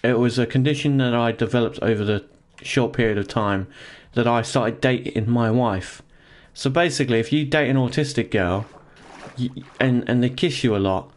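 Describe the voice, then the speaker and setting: A young man games in his home office while casually chatting with his live-stream audience, joking, rambling, and laughing a lot. His voice sits at a medium pitch.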